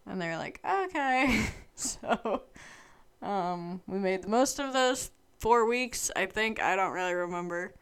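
A woman's voice: medium pitch, a little slow, smooth. A young woman of about twenty telling a personal story to her vlog audience in a chatty, rambling way full of fillers. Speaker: vlogger.

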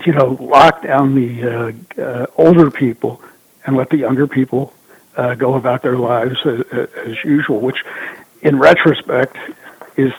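A man calling in as a guest commentator, talking in a measured, hesitant way with many fillers. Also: medium pitch, fairly even intonation, dry recording. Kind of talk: casual political talk. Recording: husky tinny phone line.

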